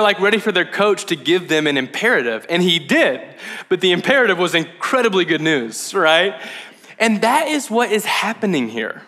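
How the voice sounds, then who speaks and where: A man delivers a sermon in a lively, conversational manner, with frequent check-ins to his listeners and playful asides. His voice is bright and forceful and sits a little high. Long reverb from a large hall trails after his words. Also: moderate pace. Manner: jokey asides and acted-out quotes. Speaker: pastor.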